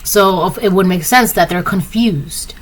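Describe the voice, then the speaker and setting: A woman's voice: unhurried, slight background noise, low-quality recording. A woman giving a casual tarot reading, rambling and chatty, with lots of "like" and "right?". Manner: acts out quoted lines in a higher voice. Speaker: tarot reader.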